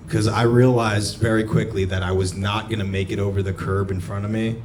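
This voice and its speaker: A man performing a stand-up comedy set, telling a story and breaking into sudden shouts. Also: fairly low pitch, little pitch movement, a little fast, a crowd in the background. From United States. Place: comedy club stage. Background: audience laughter.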